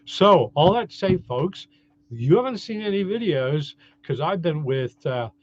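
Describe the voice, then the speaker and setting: A man's voice: sits high, animated, measured pace, a little mellow, muffled recording. A Canadian man giving a cheerful, rambling vlog update, full of fillers and restarts. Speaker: vlogger.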